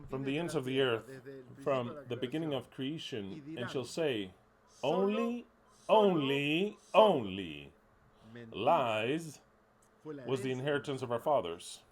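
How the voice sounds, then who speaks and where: Emphatic, blunt male preacher. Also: medium pitch. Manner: emphatic, repeats key words, blunt and profane. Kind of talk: sermon.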